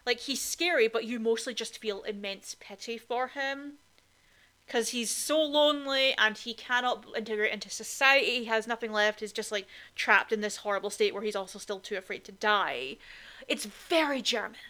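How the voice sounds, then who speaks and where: A woman co-hosts a casual film podcast in a bright, slightly high voice. She talks in a chatty, opinionated way and drops in plenty of "like" fillers. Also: normal speed. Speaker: podcast co-host.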